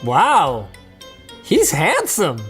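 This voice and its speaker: A woman's voice: low voice, very slow, soft background music. A woman reading viewer comments aloud in a casual, amused way. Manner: amused, lively, reacts with laughter.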